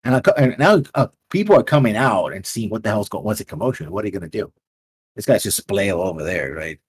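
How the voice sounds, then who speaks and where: A man narrating as game master of a tabletop game, describing scenes in a halting, rambling way. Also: lowish voice, expressive, slightly rough.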